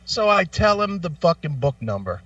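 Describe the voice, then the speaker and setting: A man's voice: on the high side, sing-song, normal speed, fairly bright tone, no echo, far from the mic, highs cut off. A man hosting a radio show, telling a profane, exasperated story in a casual rant. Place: radio studio.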